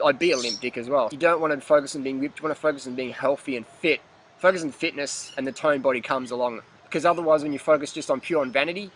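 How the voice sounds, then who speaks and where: A man's voice: fairly high pitch, a bit bright, a little hiss or hum. A man ranting bluntly in a fitness vlog, profane, emphatic and repetitive. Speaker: fitness vlogger.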